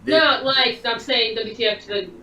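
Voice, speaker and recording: A woman's voice: a little high, unhurried, sharp tone, reverberant. A woman chiming in with teasing remarks from away from the microphone. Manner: teasing interjections from off-mic. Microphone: off-mic, away from the microphone. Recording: distant muffled off-mic pickup.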